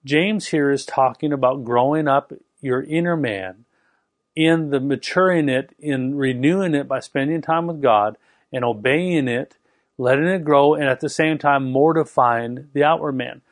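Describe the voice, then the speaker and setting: Give me a man preaching fast and emphatically, with a dry, close sound. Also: medium pitch, no echo. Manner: fast, emphatic, repeats and restarts words. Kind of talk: sermon.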